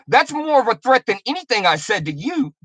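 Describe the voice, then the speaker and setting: A woman's voice: on the high side, very animated, brisk, fairly bright tone, no room sound. A woman delivering an angry, profane, confrontational rant on her video channel, taunting the person she is addressing. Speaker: YouTuber.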